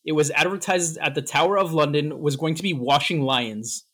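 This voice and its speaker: A man co-hosting a podcast in a loose, joking chat. His voice sits a bit high, and he chuckles through his stories and swears casually. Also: moderate pace. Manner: laughing, relaxed storytelling with swearing. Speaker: podcast co-host.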